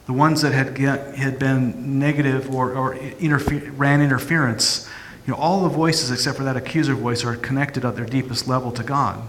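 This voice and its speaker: Guy preaching, halting and thoughtful, big echoey church sound. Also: medium pitch, fairly even intonation, fairly bright tone, slight background noise. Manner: reflective, halting, many restarts. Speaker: pastor. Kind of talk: sermon. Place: church sanctuary. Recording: long church hall reverb.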